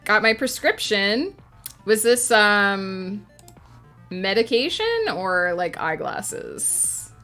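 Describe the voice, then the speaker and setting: A woman at her desk mic, chatting on a live writing stream at a middle pitch. She reads comments aloud and answers them with plenty of ums and uhs. Faint music plays softly behind her. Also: slow pace. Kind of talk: casual live-stream chat.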